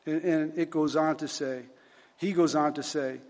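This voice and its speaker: A man with a fairly high speaking voice tells a story conversationally, backing up and restarting his phrases as he thinks aloud. His voice rings out into a hall with a long, lingering reverb. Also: steady tone, moderate pace, a little mellow. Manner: conversational, with frequent restarts and fillers. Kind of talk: storytelling talk.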